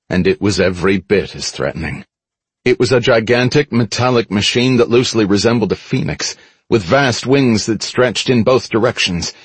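Male audiobook narrator, low husky voice, steady first-person read with dramatic lifts, dry close mic. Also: dry recording.

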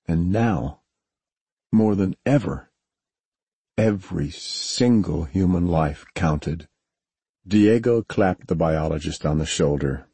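A man narrating a science fiction audiobook in a measured, steady way, recorded on a close studio mic. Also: sits low, husky, no room sound. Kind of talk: scripted narration.

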